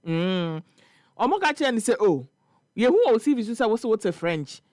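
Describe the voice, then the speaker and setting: A Ghanaian man hosting a morning radio show, telling a story and reading listener comments in an animated, laughing way. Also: sits high, moderate pace, no echo, studio quality. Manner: animated, laughing storyteller mixing Twi and English. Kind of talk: casual chat reading social media comments. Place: radio studio.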